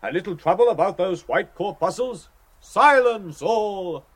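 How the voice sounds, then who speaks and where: A man's voice: high-pitched, expressive, unhurried, husky, voice pushed up, heavily acted. A man reading an audiobook, voicing a plump, irreverent young man who talks gaily in a theatrical, mock-preaching way. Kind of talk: audiobook character voice.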